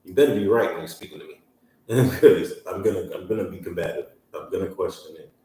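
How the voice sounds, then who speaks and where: A man's voice: sits low, a little fast, warm tone, a little hiss or hum. A man co-hosting a podcast, talking in a blunt, profane, combative way in casual chat. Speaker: podcast co-host. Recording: echoey room, mic far off.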